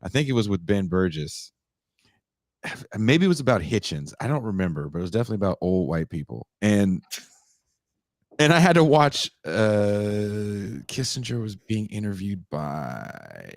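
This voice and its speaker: A man hosting a casual chat, animated and quick to slip into mocking voices. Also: fairly low pitch, dry recording, clean studio sound. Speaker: podcast host.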